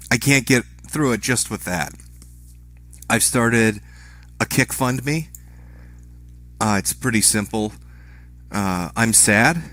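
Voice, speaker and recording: A man streaming live, talking in a sarcastic, deadpan way and swearing a lot while he begs mockingly. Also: on the low side. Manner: sarcastic, deadpan mock begging, heavy swearing. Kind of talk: livestream commentary.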